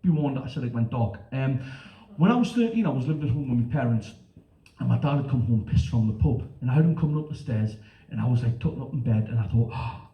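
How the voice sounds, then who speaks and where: A man's voice: medium pitch, quick pace, far from the mic. A middle-aged man from northern England with a northern English accent, telling sweary stories in a stand-up comedy set and putting on voices for the people he quotes. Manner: brash, sweary storytelling with lively voices for quotes. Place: comedy club stage. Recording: roomy, dull live-club recording with noise.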